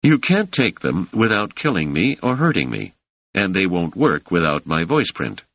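A man reading an audiobook voices a calm male traveler who stands up defiantly to a gang. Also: sits low, moderate pace, dry recording, exaggerated voice. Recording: dry, slightly muffled lo-fi audio.

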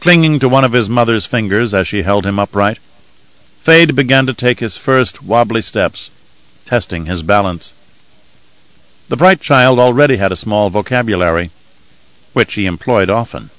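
A man reading an audiobook in measured, even scripted narration. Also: lowish voice, no room sound, low-quality recording.

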